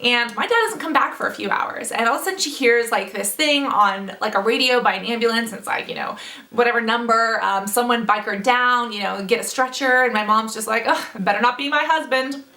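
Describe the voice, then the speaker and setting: A young woman telling a funny family story in a storytime vlog, with lively, animated delivery. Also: a little high, fairly quick. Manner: animated, acts out family members' voices. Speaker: beauty vlogger. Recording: roomy echo, mic at a distance.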